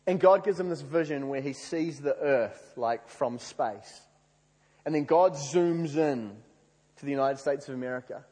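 Male preacher, husky, animated storytelling sermon in a reverberant hall. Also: mid-range voice, unhurried. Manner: animated storyteller, acts out quoted prayers.

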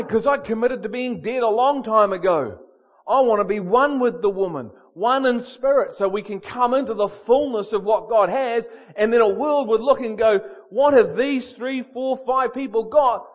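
A man preaching a sermon in an animated, storytelling way, repeating words for emphasis. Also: high-pitched, lo-fi sound.

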